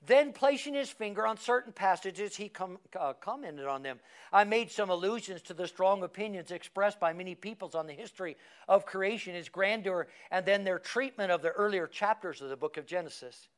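A man's voice: high voice, fairly quick. A man preaching a sermon, reading a story aloud and building to emphatic, fervent climaxes.

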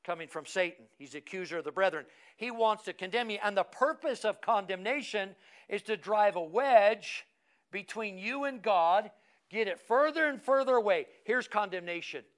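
A man's voice: high-pitched, animated, normal speed, a bit bright. A man preaching a teaching sermon, who asks his class questions and calls on members by name. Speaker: pastor.

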